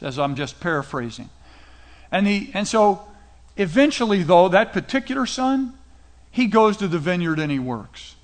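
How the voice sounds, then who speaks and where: A man's voice: high-pitched, very animated, normal speed. A middle-aged man preaching a sermon, retelling scripture in a casual, conversational paraphrase. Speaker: pastor.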